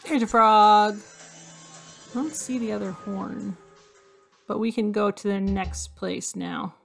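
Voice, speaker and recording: A woman playing a hidden object game, talking to herself slowly as she searches for items. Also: medium pitch, fairly even intonation, creaky. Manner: slow, musing, talks to herself while searching. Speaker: gamer. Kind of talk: casual let's-play commentary. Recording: faint music behind voice.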